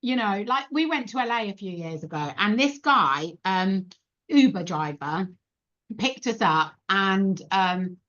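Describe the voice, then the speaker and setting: A woman's voice: medium pitch, unhurried. A middle-aged woman, a podcast guest, telling stories in casual chat and acting out the voices of the people in them. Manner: animated, laughing, acts out quoted voices. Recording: dull lo-fi podcast audio.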